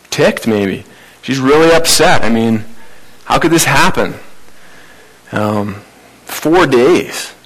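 A man's voice: medium pitch, rough recording. A man preaching a sermon in a conversational, informal way. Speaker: pastor.

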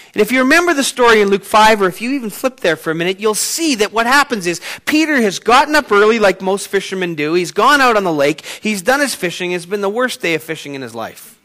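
A man preaching a sermon, retelling a story with sudden swings from quiet to loud. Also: sits high. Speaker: pastor.

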